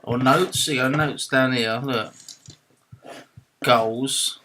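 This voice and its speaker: A man's voice: mid-range voice, steady tone, drawn-out words, sharp tone. A man hosting a let's play, casually reading a mystery game's text aloud and restarting lines as he goes.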